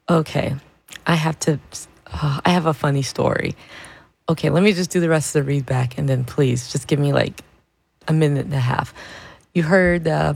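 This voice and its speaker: Woman, radio DJ, low voice, gravelly, chatty storyteller, studio mic. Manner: chatty, storytelling, laughs often, imitates her mom in a higher voice. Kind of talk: casual radio chat and back-announcing. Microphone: studio microphone.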